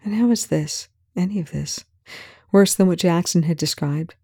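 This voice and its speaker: A reader narrating a fan fiction chapter in a measured way, sometimes dropping to a whisper. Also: mid-range voice, darkish tone, slightly rough, no room sound. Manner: measured, drops to whispers at tense moments. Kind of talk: audiobook narration. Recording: dry close recording.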